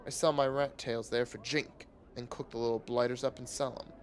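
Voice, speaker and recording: A man's voice: medium pitch, little pitch movement, brisk, natural voice. A man voicing a grimy, grinning male street hawker selling cooked rats with pushy, chummy sales patter.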